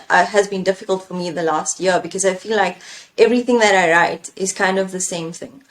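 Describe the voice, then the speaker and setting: A woman's voice: lowish voice, fairly bright tone. Thoughtful woman poet, searching and reflective. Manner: thoughtful, searching, with fillers and self-questioning. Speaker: poet and engineer, coaching guest. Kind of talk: reflective conversation.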